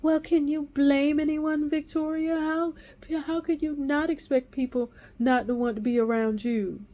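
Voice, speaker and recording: A condescending, scolding woman talks down in a high, preachy tone, as a woman mimics her. The mockery sits in every word. The recording is dull and lo-fi. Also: steady tone, unhurried. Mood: mocking. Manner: mocking and preachy.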